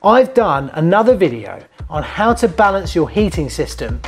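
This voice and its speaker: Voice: mid-range voice, very animated, normal speed, breathy edge, soft background music. A plumber explaining heating fixes to viewers in a blunt, teasing, jokey way. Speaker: plumber hosting a how-to channel. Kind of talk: casual instructional talk to camera.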